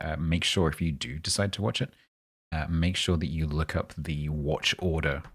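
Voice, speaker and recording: A very deep, slightly rough male voice with a London accent, from a man from London, England. He streams a game live, casually talking with his viewers and throwing out sarcastic reactions.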